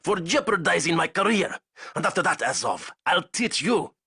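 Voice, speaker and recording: A cruel, ambitious Soviet colonel, put on by a male reader for an audiobook. He yells his orders high and hard, and his voice stays rough and husky. The sound is dry and close. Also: sing-song, normal speed, no room sound, exaggerated voice. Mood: vengeful. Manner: barking, shouted commands.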